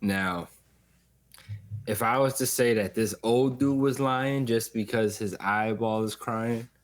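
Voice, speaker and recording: A man co-hosting a podcast in casual banter, joking and swearing while giving his take. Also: lowish voice. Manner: joking, profane, talks in quick asides. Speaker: podcast co-host.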